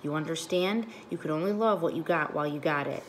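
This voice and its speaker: Storybook read-aloud: a woman voicing a kind, wise old lady, low and soft, gentle but firm. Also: quick pace, slight background noise, close to an everyday voice. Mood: tender.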